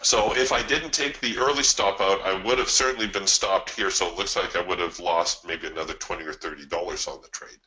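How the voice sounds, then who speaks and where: Man, trading coach, live webinar, conversational, storytelling, forceful tone. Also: sits low, brisk, hardly any pauses, rough recording. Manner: conversational, explains with stories, addresses listeners directly.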